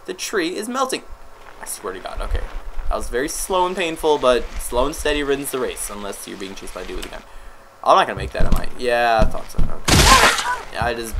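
A man giving excitable, joking gameplay commentary, swearing and yelling at the game. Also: mid-range voice, fast talker, noisy background. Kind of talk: let's play commentary.

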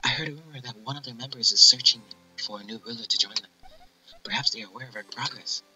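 A man voicing a fast-talking female royal advisor in a game, in a breathy half-whisper. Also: rumbling low, bright, forceful tone, heavily acted, poor audio. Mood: brisk.

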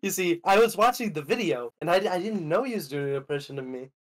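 A man's voice: fairly high pitch, lively intonation, fast talker. A man on a casual call, laid-back and shrugging, filling his speech with "I mean" and "you know.". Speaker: guest.

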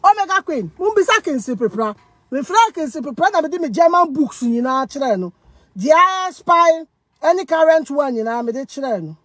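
A woman's voice: high-pitched, sing-song, moderate pace, no room sound. A woman with a Ghanaian accent delivering a heated monologue, mixing Twi and English, accusing and defending herself. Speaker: social media personality. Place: living in Germany.

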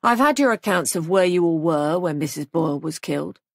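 A woman's voice: on the low side, lively intonation, a little fast, no room sound, studio quality. A woman voicing a stern male police sergeant in an audiobook, speaking in a firm, clipped, probing way. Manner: firm, clipped, pressing questions.

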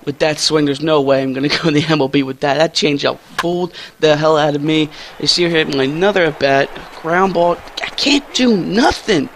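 A young man giving casual, slangy commentary over his own baseball video game play, often jumping into excited yelps. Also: normal speed, few pauses, a little hiss or hum. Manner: excitable, slangy, jumps to high squeals when thrilled. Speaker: gaming YouTuber.

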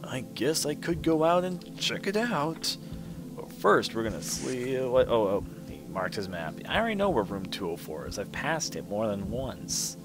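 A man's voice: medium pitch, sing-song, normal speed. A man giving commentary while playing a horror game, reading the on-screen text aloud and musing to himself. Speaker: let's play commentator. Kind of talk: gameplay commentary. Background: game music.

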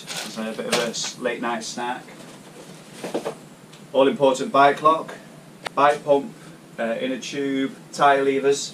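A man from the UK talking casually through his shopping haul in a cycling vlog, rambling with many hesitations. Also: mid-range voice. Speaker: cycling vlogger. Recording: distant mic, faint background noise.

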